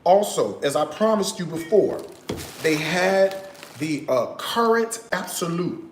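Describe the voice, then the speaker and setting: A man hosting a cooking livestream from his home kitchen, chatting straight to his viewers in a casual, animated way, often dropping to a hushed, half-sung tone. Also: sits high, takes it slowly, roomy sound, noisy background. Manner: slips into hushed, half-sung tones now and then.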